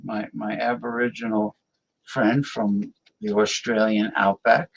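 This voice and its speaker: A man's voice: fairly low pitch, flat delivery, unhurried, gravelly, rough recording. A man hosting a live-stream talk show, rambling casually and muttering to himself as he invites guests.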